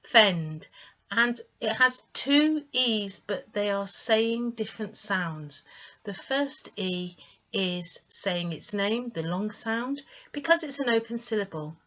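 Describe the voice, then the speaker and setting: A woman teaching English pronunciation in an online lesson, speaking clearly and encouragingly with careful emphasis on sounds. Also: mid-range voice, expressive, takes it slowly, a bit bright. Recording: slightly dull lo-fi audio.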